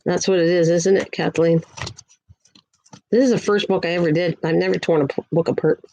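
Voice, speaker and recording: A woman's voice: on the low side, steady tone, fairly quick, dark tone, a little hiss or hum, poor audio. An older woman hosting a crafting livestream, chatting in a rambling way and talking to viewers in the chat. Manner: sweet greetings to viewers in a lifted voice.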